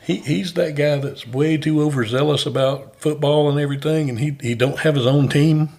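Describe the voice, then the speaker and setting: Male comedian host, gravelly, relaxed joking delivery. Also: on the high side, moderate pace. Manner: joking, easygoing. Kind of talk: casual chat.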